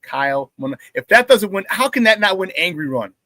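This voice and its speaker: Brash high-voiced sports talk host, man. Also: big pitch swings, fairly quick, pushed and bright, no echo. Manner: brash, profane, trash-talking; laughs often between remarks. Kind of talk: casual sports talk show.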